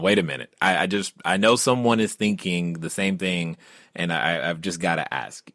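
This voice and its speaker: A man's voice: deep voice, moderate pace, fairly bright tone, no room sound, clean studio sound. A man hosting a podcast interview, interjecting eagerly and laughing between his questions. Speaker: podcast host.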